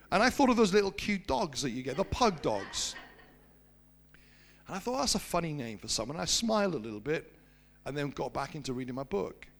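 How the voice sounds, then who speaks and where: A man preaching, telling a personal story in an animated storytelling manner and slowing down for emphasis. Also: sits high, vocal fry. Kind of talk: sermon storytelling.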